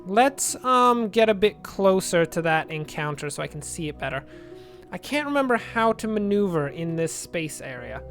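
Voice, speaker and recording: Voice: mid-range voice, big pitch swings, moderate pace, a bit bright, soft background music. A let's play gamer giving chatty game commentary, thinking aloud and drifting into jokey tangents.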